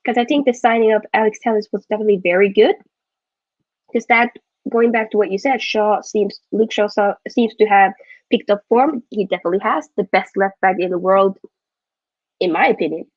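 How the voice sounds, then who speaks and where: A woman's voice: mid-range voice, brisk, darkish tone, dry recording, muffled recording. A woman hosting a live football watchalong, chatting casually and rambling, often correcting herself mid-sentence. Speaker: football vlogger host.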